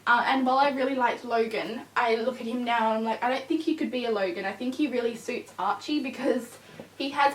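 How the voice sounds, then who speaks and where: A woman's voice: fairly high pitch, fairly quick, slight background noise. A woman vlogger chatting casually in a rambling way, with frequent fillers, a little tired. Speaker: vlogger with a new puppy. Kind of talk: casual chat. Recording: echoey room, distant mic.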